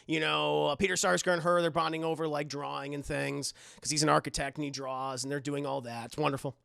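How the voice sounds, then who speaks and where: A man's voice: fairly high pitch, a little fast, creaky, no room sound, clean studio sound. A man streaming live, recapping a movie in a rambling, casual, profane way and talking to his chat. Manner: rambling, animated storytelling with filler words. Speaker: streamer doing a movie review.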